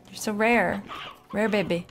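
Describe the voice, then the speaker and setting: A woman streaming a game, chatting away in an animated, storytelling way. She swears freely and keeps a medium pitch. Her talk stays loose and unscripted. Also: a little slow, soft background music. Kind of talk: casual gameplay commentary.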